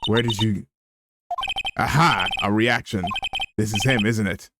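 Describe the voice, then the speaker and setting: A man's voice: fairly low pitch, measured pace, natural voice. A man reading the lines of a determined young defense lawyer from a game in his own voice. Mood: pushy. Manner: pushy, confrontational line reading. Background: game music.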